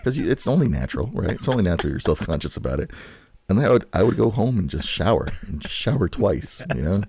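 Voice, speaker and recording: A man's voice: low voice, big pitch swings, quick pace, darkish tone, slightly rough, dry recording, studio quality. A young man co-hosting a podcast in casual chat, crude and joking as he goes. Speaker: podcast co-host.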